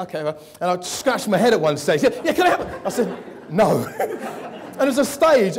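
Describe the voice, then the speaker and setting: A man giving a motivational keynote talk to a live audience, jokey and quizzing the crowd with questions. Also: fairly high pitch. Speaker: keynote speaker. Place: event hall with an audience.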